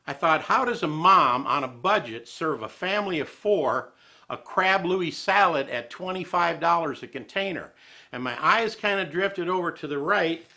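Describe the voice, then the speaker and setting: A man walks through a recipe in his kitchen, joking and chatting in a down-home way. His voice is bright and forceful, sitting a little high. The delivery is folksy and good-humored throughout. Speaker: cooking show host. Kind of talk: folksy cooking demonstration.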